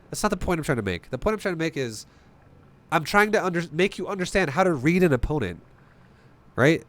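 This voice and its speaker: A man streaming a strategy game, explaining his play in an animated, swearing, rhetorical way. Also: fairly high pitch. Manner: animated, profane, rhetorical questions. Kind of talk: live-stream commentary.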